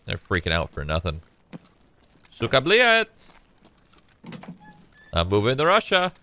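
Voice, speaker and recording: A man's voice: sits low, huge pitch swings, fast, sharp tone, a little hiss or hum. A man streaming a shooter game, chatting casually to viewers with a laid-back, joking manner and frequent swearing. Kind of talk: casual gameplay commentary.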